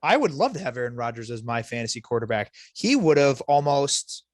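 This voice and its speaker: A man griping on a casual sports podcast, profane and mock-vengeful. His voice has an ordinary pitch and is recorded dry and close, with no room sound. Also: big pitch swings, fairly quick, no room sound. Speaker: podcast co-host.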